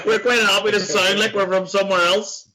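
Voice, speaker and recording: Northern Irish male guest, a touch high, passionate and sweary, video call. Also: little pitch movement, brisk, sharp tone, low-quality recording. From Northern Ireland. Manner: passionate, swears, fillers like sort of thing. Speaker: podcast guest. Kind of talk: casual chat among old friends.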